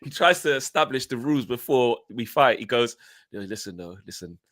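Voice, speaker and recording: A man's voice: mid-range voice, lively intonation, brisk, fairly bright tone, dry recording, clean studio sound. A man hosting a casual football banter podcast, telling jokey stories and reading viewer comments. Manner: jokey storytelling, mimics others, reads viewer comments. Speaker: podcast host.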